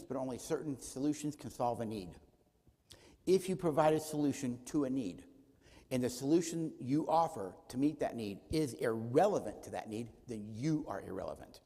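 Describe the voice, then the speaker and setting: A man's voice: medium pitch, warm tone, big-room sound. A man giving a teaching talk at a church conference, posing rhetorical questions and answering them himself, with short acted dialogues. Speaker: conference speaker. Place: church auditorium.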